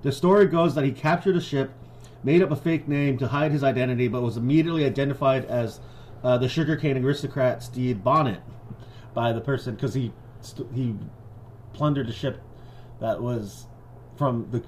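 A man's voice: mid-range voice, normal speed, a little mellow, slight background noise, rough recording. Man reading pirate history between jokes. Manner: joking, swears a lot, laughs often. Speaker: podcast co-host. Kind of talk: casual chat with history reading.

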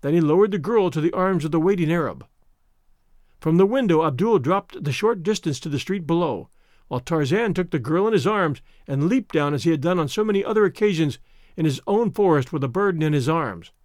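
Guy narrating an old adventure book, steady and expressive, lively highish voice, dry sound. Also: a little fast, no room sound. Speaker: audiobook narrator. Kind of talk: scripted narration.

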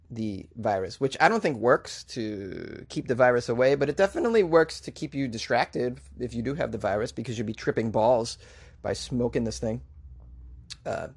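A man's voice: mid-range voice, slightly rough. Rambling, joking male talk-show host. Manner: joking, rambling, laughs at own jokes, stumbles over names. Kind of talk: comedic talk-show riffing on news.

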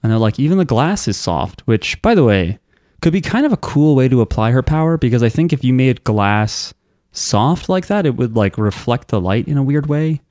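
A man on a podcast chatting casually about a show, loose and relaxed with some swearing. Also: mid-range voice, normal speed, dry recording, studio quality. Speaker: podcast co-host. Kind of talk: casual chat.

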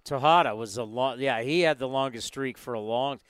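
A man's voice: mid-range voice, normal speed, fairly bright tone, smooth, no echo. A man hosting a sports talk show, joking and asking a lot of questions.

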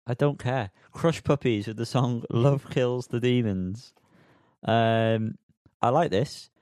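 A man's voice: medium pitch, takes it slowly, darkish tone, no echo, studio quality. A man hosting a music podcast, teasing his co-hosts in casual chat. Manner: joking, teasing, wraps up the show. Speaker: podcast host.

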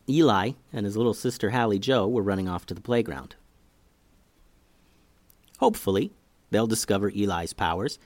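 Male kids' podcast narrator, lively delivery, dry close sound. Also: on the low side, no echo. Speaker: podcast host and storyteller. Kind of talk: children's story narration.

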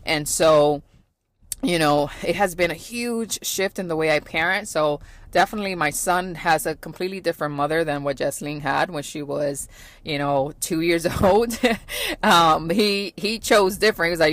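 A woman's voice: on the low side, normal speed, fairly bright tone. A woman in her thirties hosting a podcast, talking about parenting in a casual, reflective way, earnest, with many fillers and repeats. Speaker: podcast host.

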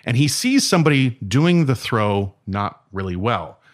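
A man telling martial arts stories in a casual, animated way, acting out dialogue and often asking "right?". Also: medium pitch, normal speed. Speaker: martial arts instructor and guest. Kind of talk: casual storytelling.

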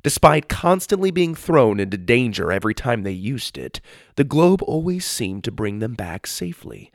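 A man narrating a children's adventure story in an expressive storytelling manner. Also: medium pitch, normal speed, no echo, clean studio sound.

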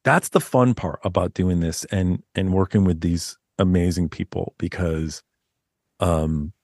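A man's voice: low voice, fairly even intonation, measured pace, gravelly, darkish tone, no room sound, clean studio sound. A man speaking as an author guest in a casual podcast interview, chatty and laughing often, with frequent restarts.

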